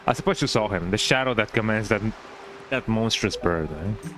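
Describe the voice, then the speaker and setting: A man's voice: fairly low pitch, expressive, moderate pace, over music, lightly acted, low-quality recording. A man voicing a wise old talking boat who guides the hero, in a grave, stately way. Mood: solemn. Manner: grave, stately storybook delivery.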